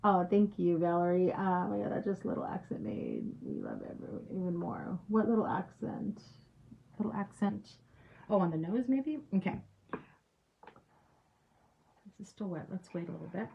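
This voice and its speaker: A woman's voice: lowish voice, very animated, normal speed, creaky, long pauses. Chatty woman murmuring while she paints. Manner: chatty, drops to murmured whispers while working. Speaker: painting livestream host. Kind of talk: casual chat while painting. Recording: dull lo-fi sound with faint hiss.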